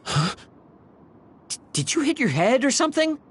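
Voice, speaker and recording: A man's voice: fairly high pitch, sing-song, moderate pace, a bit bright, husky, soft background music, heavily acted. An actor playing a brash, hot-headed young man who mocks others bluntly in a game cutscene. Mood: baffled. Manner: blunt, mocking outbursts.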